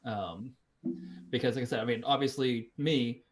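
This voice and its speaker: A man's voice: medium pitch, normal speed. A man with an American West Coast accent that slips into Kiwi words, co-hosting a podcast in rambling, swearing casual chat. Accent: American West Coast, slipping into Kiwi. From United States. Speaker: podcast co-host.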